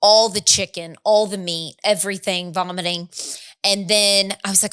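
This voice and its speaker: A woman in her thirties, a podcast co-host, telling a story in a casual chat, animated and laughing, acting out quotes. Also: on the low side, normal speed, clear, resonant tone.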